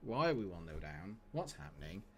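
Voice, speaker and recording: There's a slight hiss or hum as a young man with a low, sing-song, fairly bright voice talks a bit fast. Streaming a football management game, he banters with chat and breaks into sudden exasperated outbursts.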